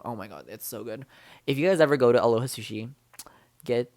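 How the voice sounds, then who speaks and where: A young man talks straight into a close, dry mic, bubbly and rambling, tumbling from one excited exclamation to the next. His voice sits at an ordinary middle pitch, and the casual vlog chatter is packed with fillers and restarts. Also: fairly quick, dry recording. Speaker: vlogger.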